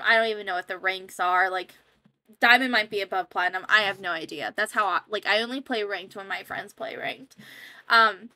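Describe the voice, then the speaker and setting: A woman's voice: mid-range voice, moderate pace, sharp tone, no echo. A young woman casually rambling as she comments over her own gameplay footage, chatty and self-deprecating. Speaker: gaming YouTuber.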